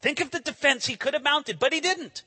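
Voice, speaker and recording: High, animated male preacher with hall echo. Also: brisk. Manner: animated and emphatic, asks the listeners questions. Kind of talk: expository sermon. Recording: long hall reverb.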